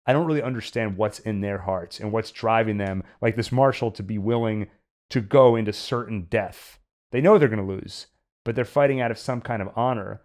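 A man's voice: mid-range voice, moderate pace, darkish tone. A man co-hosting a podcast, talking through a film in a reflective, casual way, often restarting his sentences. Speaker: podcast co-host.

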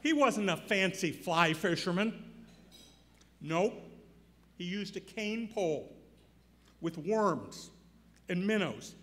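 An older man giving an award acceptance speech, telling a story and building to loud emphatic points. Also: sits high. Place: large banquet hall. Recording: reverberant hall.

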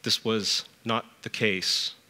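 A middle-aged man, a church elder, preaching a sermon and telling stories, with lively rises in pitch when he stresses a point. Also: takes it slowly, long reverb tail.

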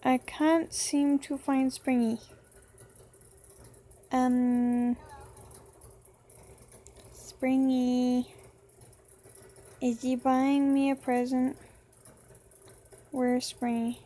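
A woman's voice: high voice, level tone, extremely slow, pauses often, dark tone. A woman giving playful horror game commentary as a gaming channel host, talking to the game character.

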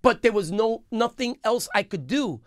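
A man's voice: sits high, lively intonation, normal speed, no room sound. A man, a business owner, giving an impassioned, emphatic interview into a studio microphone. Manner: emphatic, grows heated and forceful. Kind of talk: impassioned radio interview talk. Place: radio studio. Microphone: studio mic.

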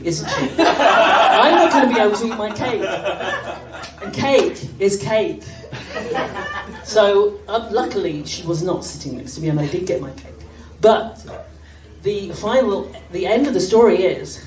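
A British woman telling a self-mocking comic story on stage at a fan festival, laughing as she goes. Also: medium pitch. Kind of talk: comic anecdote told on stage. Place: hall at a fan gathering. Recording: distant echoey hall, loud crowd, noise.

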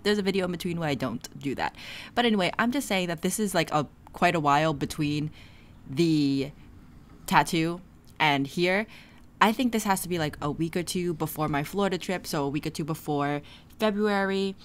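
A young woman talks through her crochet project in a loose, rambling vlog style, full of fillers. Her voice sits low for a woman. A faint hiss runs under the camera-mic recording. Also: lively intonation, moderate pace. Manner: chatty, rambling, lots of "like" fillers. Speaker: crochet vlogger. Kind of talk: casual vlog chat. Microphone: camera mic, no clip-on.

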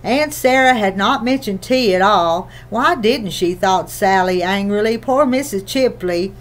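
A woman narrating a children's novel in a gentle, even storytelling manner. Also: mid-range voice, unhurried. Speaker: audiobook reader.

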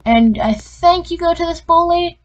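A woman's voice: extremely high pitch, animated, moderate pace, darkish tone, dull audio. A young woman giving casual commentary while playing a video game and reading its text aloud. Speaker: gaming channel host.

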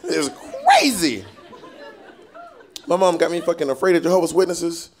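A man performing a stand-up comedy set, animated and sassy, with lots of profanity. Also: a little high, normal speed, a faint crowd, a little hiss or hum. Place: comedy stage before a live audience. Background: faint audience laughter.

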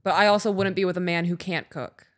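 Casting note: woman podcast co-host, low-ish voice, candid and emotional, casual and profane. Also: fairly even intonation, quick pace. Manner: candid, emotional, swears freely. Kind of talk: casual chat.

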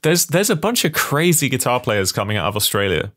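A man's voice: medium pitch, sing-song, a little fast, a bit bright. A man hosting a podcast interview in a casual, thoughtful way, often restarting and repeating words. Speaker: podcast host.

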